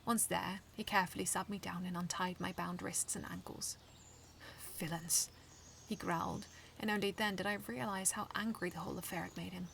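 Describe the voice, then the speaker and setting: Woman author reading her fan story aloud; soft, hushed, low, with a gravelly fry. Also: fairly even intonation, a little fast, few pauses, a little hiss or hum. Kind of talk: first-person story reading.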